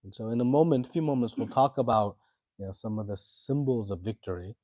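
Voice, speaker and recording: Mellow, dry-voiced man teaching a class. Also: mid-range voice, fairly quick, no room sound. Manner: relaxed, many fillers, quizzes the class. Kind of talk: scripture class storytelling.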